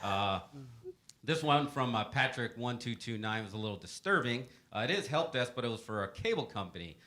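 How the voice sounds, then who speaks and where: Upbeat male webcast host, lively pitch, bright tone, playful storyteller. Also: fairly quick. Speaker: webcast segment host reading help desk stories. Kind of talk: casual storytelling to a panel.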